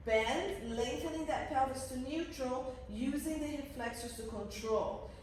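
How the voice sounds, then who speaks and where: A woman coaches a pilates class, counting reps in an energetic voice. She speaks high and slowly. The echoey studio carries her voice from some distance off the mic. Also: slight background noise. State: out of breath. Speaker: pilates instructor. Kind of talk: guiding a workout class. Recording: roomy echo from a distance.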